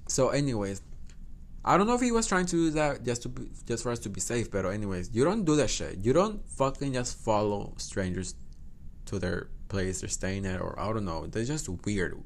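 Animated young man. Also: lowish voice, moderate pace. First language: Spanish. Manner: animated, swears a lot, laughs often. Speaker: podcast host. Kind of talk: casual storytelling.

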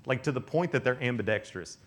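A man's voice: mid-range voice, fast talker. A young man preaching a youth camp sermon, telling stories with acted-out voices and frequent laughter. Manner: animated storytelling, acts out voices, laughs often. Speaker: youth speaker.

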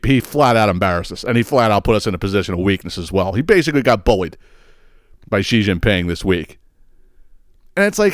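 A man's voice: mid-range voice, clean tone, dry recording, clean studio sound. A man hosting a podcast, ranting casually with lots of swearing and mocking laughter. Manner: profane, mocking, animated with laughs. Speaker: podcast host.

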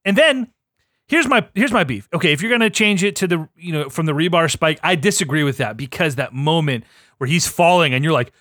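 A man co-hosting a podcast in casual chat, animated and swearing, acting out his reactions. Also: a little high, brisk, no echo, studio quality. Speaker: podcast co-host.

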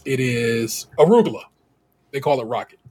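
A man co-hosting a podcast, recapping in a casual, slangy, animated way and laughing often. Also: medium pitch, moderate pace, breathy edge. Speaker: podcast co-host.

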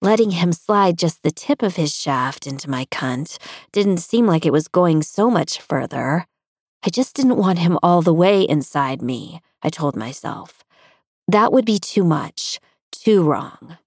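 A woman narrating a first-person audiobook in an intimate, even-paced storytelling manner, recorded close on a studio mic. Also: on the low side, unhurried, no echo.

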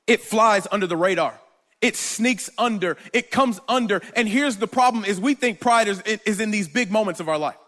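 A male pastor with a notably high-pitched voice delivers a live sermon to his congregation. He tells stories with humor and talks directly to the people in front of him. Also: fairly bright tone. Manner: playful, storytelling, talks straight to the congregation.

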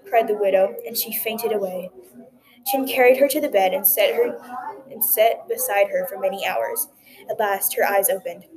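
A woman's voice: mid-range voice, normal speed, rough recording. Woman reading a folktale over crowd noise. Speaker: storyteller.

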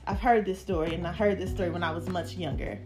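A woman's voice: fairly low pitch, steady tone, fast talker, music in the background. A woman talking casually on a podcast, thoughtful and a little hesitant as she weighs a friend's story. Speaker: podcast panelist. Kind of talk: casual chat.

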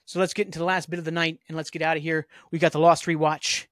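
A man's voice: on the high side, level tone, fast talker, few pauses, a bit bright, no room sound, clean studio sound. A man hosting a podcast, giving a loose, rambling recap with lots of fillers and the odd curse word. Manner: loose, filler-heavy, with occasional cursing. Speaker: podcast host. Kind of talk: casual rambling episode recap.

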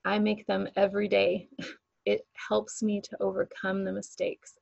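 A woman's voice: mid-range voice, monotone, measured pace, creaky, a little mellow, no room sound. A woman co-hosting a casual chat, speaking reflectively and laughing often.

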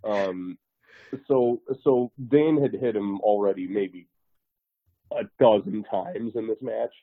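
A man's voice: lowish voice, slow, dry recording. A man co-hosting a podcast in casual chat, rambling through his stories. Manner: rambling, many fillers and restarts. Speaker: podcast co-host. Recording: tinny phone-like line, dry.

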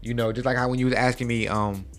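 A man's voice: mid-range voice, fairly even intonation, fast, a bit bright, soft background music. A man in his forties hosting a podcast, giving a preachy motivational talk and often checking in with "okay?". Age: 40s. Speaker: podcast host. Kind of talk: casual podcast chat.

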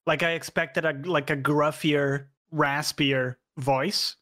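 A man's voice: on the high side, fairly even intonation, takes it slowly, fairly bright tone. A man chatting casually about video games, thoughtful and a little hesitant.

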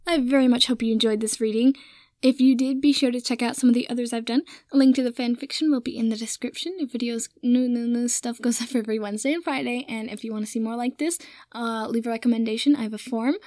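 A woman's voice: a little high, fairly even intonation, fast, a little mellow, dry recording, studio quality. A young woman reading fan fiction aloud, narrating the story and then signing off with chatty, rambling asides. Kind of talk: storybook narration with a casual sign-off.

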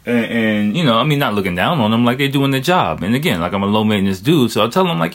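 A man's voice: mid-range voice, animated, fairly quick, few pauses. A young man telling stories in a loose, casual monologue, swearing often and filling his talk with "like" and "you know.". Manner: loose, profane, heavy on filler words. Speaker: vlogger.

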